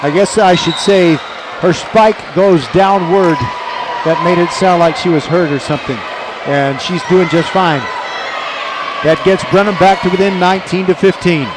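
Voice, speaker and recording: High-voiced man calling volleyball courtside. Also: moderate pace. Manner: excited, self-correcting, chatty. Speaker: play-by-play announcer. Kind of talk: live sports commentary. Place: courtside table in a gym. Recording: noisy gym with crowd. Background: crowd and ball bounces.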